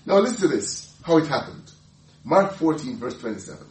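A man delivers a sermon with a lively, swooping voice that rises high when he presses a point. He talks emphatically, laughs often and stumbles over repeated words. His voice is caught from a distance in a roomy, echoing hall. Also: a little fast. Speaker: pastor.

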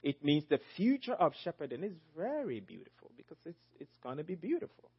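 A man preaching a sermon, emphatic, swinging from loud high exclamations to low quiet phrases. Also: big pitch swings, a little fast, slightly rough, highs cut off.

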